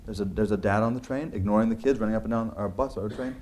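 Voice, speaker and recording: Earnest, halting man, low voice. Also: a little mellow, a little hiss or hum. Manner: earnest, many restarts and filler words. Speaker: author discussing his book. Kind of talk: conversational talk.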